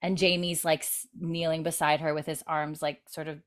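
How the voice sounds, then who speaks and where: Recapping a TV episode for a podcast, this co-host talks at a moderate pace in a low voice with little pitch movement. Her chatty retelling is detailed, heavy on "like," and sprinkled with casual swearing.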